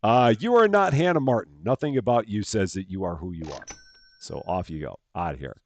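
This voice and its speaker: A man's voice: fairly low pitch, lively intonation, a little fast, no room sound, lo-fi sound. A man chatting casually as he live-streams a game at home, thanking viewers by name and laughing at himself. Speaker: streamer playing a bank simulator game.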